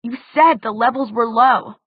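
A woman's voice: on the high side, normal speed, slightly rough, no echo. A woman voicing an anxious young man who speaks in a tense, strained way. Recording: tinny phone-like dry sound.

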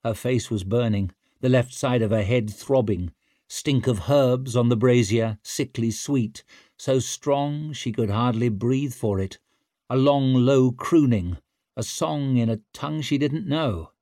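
A man narrating an audiobook in a slow, deliberate, steady way. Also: mid-range voice, no room sound, studio quality.

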